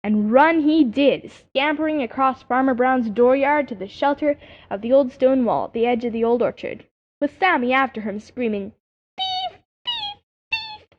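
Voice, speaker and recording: A woman narrating a children's animal story as an audiobook reader, in an expressive storytelling manner. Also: high voice, normal speed. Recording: dull lo-fi audiobook recording.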